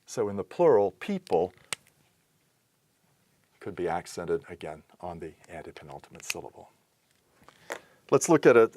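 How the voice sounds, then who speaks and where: A man giving a patient recorded lesson on accenting Greek words, explaining step by step with pauses and restarts. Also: lowish voice, a little mellow, a little hiss or hum. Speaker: teacher.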